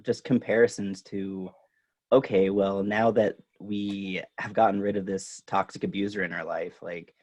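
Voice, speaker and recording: A young man hosts his own podcast in a relaxed, agreeable way. His voice sits a little low, and his talk is loose, with plenty of fillers as he builds his points. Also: unhurried. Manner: casual, agreeable, many fillers. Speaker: podcast host. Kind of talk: casual interview chat.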